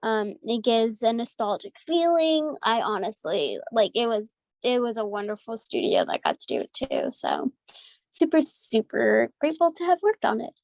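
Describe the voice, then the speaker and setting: Upbeat higher-voiced American woman. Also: wildly swooping pitch, normal speed, creaky, a little mellow, dry recording. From United States. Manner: upbeat, effusive, frequent "um" and "like". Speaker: voice actress guest. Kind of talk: casual interview.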